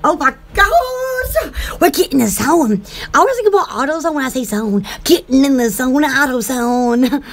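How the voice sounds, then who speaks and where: A woman's voice: high-pitched, lively intonation, moderate pace. A woman, chatting in a rambling, bubbly way as an online shop host, often breaking into giggles. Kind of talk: casual rambling chat.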